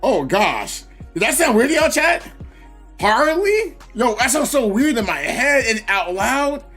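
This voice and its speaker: A man's voice: very high voice, very animated, moderate pace, bright, forceful tone, husky, soft background music. Rambling man chatting on a gaming stream. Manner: rambling, acts out quoted voices. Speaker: gaming livestreamer. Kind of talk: casual livestream chat.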